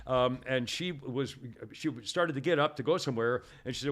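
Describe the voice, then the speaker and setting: A man's voice: mid-range voice, fairly bright tone. Rambling older man telling stories. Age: 70s. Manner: rambling, halting, many restarts and chuckles. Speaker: radio show host. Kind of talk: casual chat and storytelling.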